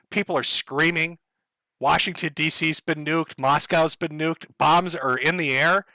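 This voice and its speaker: A man's voice: fairly high pitch, bright, forceful tone, no echo. A man ranting casually to his live chat, rambling and profane, laughing as he goes. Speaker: streamer.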